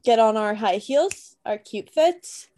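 A woman's voice: a little high, expressive, takes it slowly, mellow. A young woman podcast co-host from Canada, chatting casually and telling a story with lots of fillers. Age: young adult.

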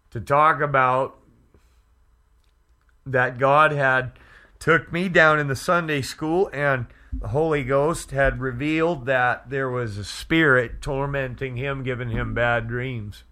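A man who is a pastor, telling an earnest testimony story slowly and with emphasis. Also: medium pitch, bright, forceful tone.

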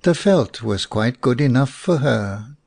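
A man narrating a folk tale audiobook in a slow, expressive storytelling voice. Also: mid-range voice, vocal fry, dry recording, clean studio sound.

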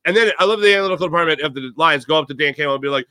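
A man's voice: on the high side, racing, hardly any pauses, bright, forceful tone, dry recording, studio quality. A man hosting a sports talk show, giving a rambling, jokey monologue with lots of fillers. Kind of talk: casual sports commentary monologue.

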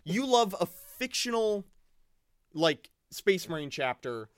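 A man's voice: sits high, very animated, slow pace, smooth, no room sound, studio quality. A man co-hosting a podcast in casual chat, earnest and reflective, hesitant with many restarts. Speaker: podcast co-host.

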